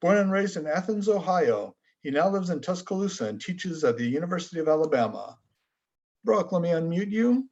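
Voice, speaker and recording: A man's voice: fairly high pitch, big pitch swings, a little fast, a little mellow, dull audio. A man hosting an online book launch, introducing the next reader in a casual, self-deprecating way. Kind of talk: event introduction.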